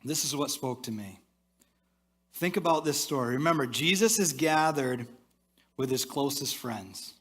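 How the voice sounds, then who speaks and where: A male pastor preaching a sermon in church, talking to the congregation in a conversational way and dropping to a soft, low voice for asides. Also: animated, a little slow, slightly rough.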